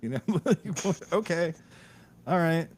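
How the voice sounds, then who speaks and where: A man's voice: on the high side, a little slow. A man from the US Northeast hosting a podcast, telling stories in casual chat with laughs and many restarts. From Delaware, US Northeast. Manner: animated storyteller, laughs often, many restarts. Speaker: podcast host.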